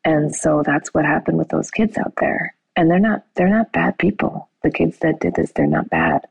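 Casting: middle-aged woman, low husky voice, chatty storyteller, dry close sound. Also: moderate pace, no echo, low-quality recording. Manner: animated retelling with quoted dialogue, fillers and restarts. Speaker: parent telling a story. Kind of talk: conversational storytelling.

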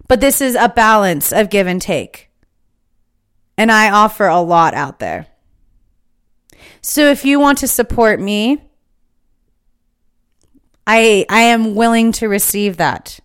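A woman's voice: mid-range voice, expressive, slow pace, pauses often, clean tone. A woman hosting her own podcast, giving an impassioned, emphatic spiritual monologue that is full of swearing. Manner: fired-up, emphatic, swears freely. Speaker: podcast host.

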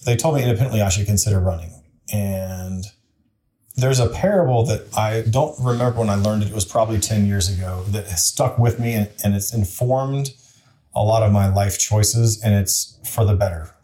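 This forties-aged city council member speaks at a normal pace with a fairly low, mellow voice. As an interview guest, he shares a candid story plainly and earnestly, frequently starting over mid-thought.

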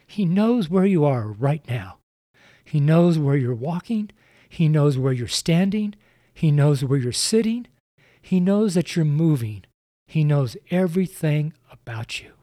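A man's voice: a little high, warm tone, no room sound, studio quality. A man preaching on a podcast, earnest and repetitive, speaking straight to the listener. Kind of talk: evangelistic podcast sermon.

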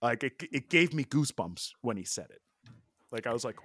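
An animated man co-hosting a casual sports podcast, talking at an ordinary middle pitch and scattering fillers as he goes. His voice is recorded close and dry, with no room sound around it. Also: brisk, slightly rough, no echo. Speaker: podcast co-host.

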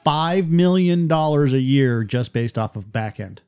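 A man's voice: mid-range voice, expressive, unhurried, darkish tone, smooth. A man co-hosting a podcast in casual chat, blunt and profane, teasing his friends. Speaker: podcast co-host.

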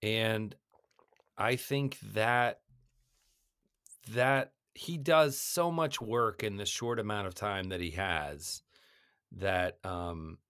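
Male podcast co-host, low voice, animated talk, dry mic. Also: slow, pauses often, clean tone, no echo. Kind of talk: casual movie discussion.

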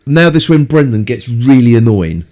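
A man's voice: medium pitch, big pitch swings, normal speed, warm tone. A man hosting a podcast, giving a casual, sarcastic audio commentary and heckling what he watches with exasperation. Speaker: podcast host.

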